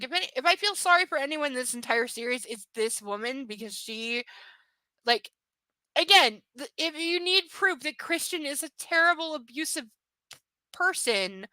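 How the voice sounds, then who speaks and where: A woman's voice: high-pitched, pushed and bright, no room sound. A woman reading a novel aloud live and breaking off into blunt, sarcastic commentary, swearing freely.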